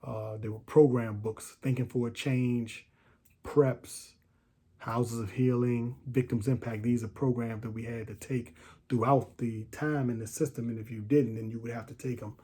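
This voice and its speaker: A middle-aged man from the D.C. area tells his own story in a low-key, conversational way. His voice is warm and mellow and stays fairly level in pitch. He pauses and restarts often as he reflects. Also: steady tone, slightly rough. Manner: reflective and unhurried, with frequent fillers and restarts. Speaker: storyteller recalling his release from prison. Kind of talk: casual personal storytelling.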